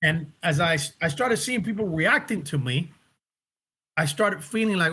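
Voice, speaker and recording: A man being interviewed about his acting work, talking in a reflective, casual way and often pausing to find his words. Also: high-pitched, animated, pushed and bright, husky. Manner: reflective, searching for words, restarts. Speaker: actor and director, guest.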